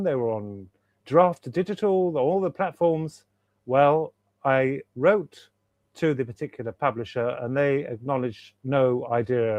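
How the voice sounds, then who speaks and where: A man talks as a guest author on a video call, eager and rambling, circling back to repeat his points. His voice sits at an ordinary middle pitch. The sound is dry and close, with no room around it. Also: a little mellow, no room sound, dull audio. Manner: enthusiastic, rambling, repeats himself for emphasis. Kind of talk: casual interview chat.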